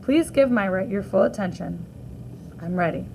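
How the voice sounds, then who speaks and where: A woman teacher reading a graphic novel aloud to children, gently reading out the captions and sound effects too. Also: mid-range voice, expressive, moderate pace, vocal fry, slight background noise, rough recording.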